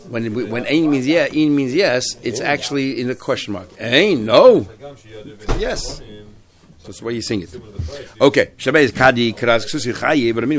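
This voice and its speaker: A man leads a Talmud class in a lively sing-song chant. He acts out both parties of each case as he explains it, switching between them with quick, animated delivery. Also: medium pitch. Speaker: Talmud teacher.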